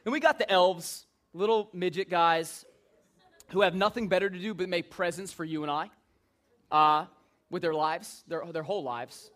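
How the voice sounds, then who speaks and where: Guy preaching, jokey and chatty, kinda high bright voice. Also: moderate pace. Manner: joking, conversational, lively. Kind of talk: informal sermon.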